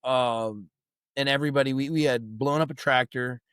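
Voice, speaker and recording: A man's voice: medium pitch, fairly even intonation, normal speed, a bit bright, clear, resonant tone, no echo. A middle-aged man, a veteran who is the guest on a podcast, telling a story in casual chat, swearing freely and acting out the voices of people he quotes.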